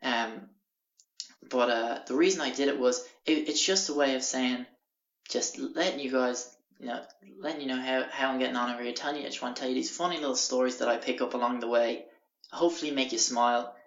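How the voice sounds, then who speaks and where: A man's voice: medium pitch, fairly quick, a bit bright. A young Irish man hosting a podcast, telling a rambling story in casual chat, swearing often and acting out what people said. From Ireland. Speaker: podcast host. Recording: roomy, dull lo-fi recording.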